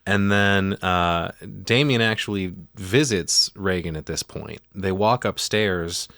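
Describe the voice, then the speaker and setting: Deep-voiced profane man recapping a film. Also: slow pace, fairly bright tone, no room sound, clean studio sound. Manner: profane, jokey, retells scenes in quoted voices. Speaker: podcast host. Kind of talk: casual movie breakdown chat.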